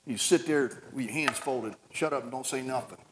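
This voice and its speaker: A man preaching a sermon, animated and climbing toward near shouting at high points, with many repeated and restarted words. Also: moderate pace, a little hiss or hum. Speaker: pastor.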